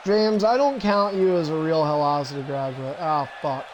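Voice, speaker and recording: A man's voice: a little high, moderate pace, a faint crowd, slight background noise. A young man hosting an online wrestling league on a livestream, casually setting up matches and cursing impatiently at players who are late. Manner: profane, impatient, bossy.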